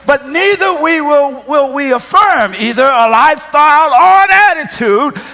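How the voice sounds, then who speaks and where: A male pastor delivering a sermon, emphatic, restarting his phrases and swinging from quiet moments to loud ones. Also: very high voice, lively intonation, measured pace.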